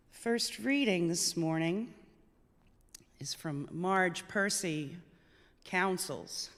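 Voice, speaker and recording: A worship service leader, chatty in the announcements and measured in poetry readings, on an online church service. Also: mid-range voice, expressive, a bit bright, big-room sound. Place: online church service over a video call.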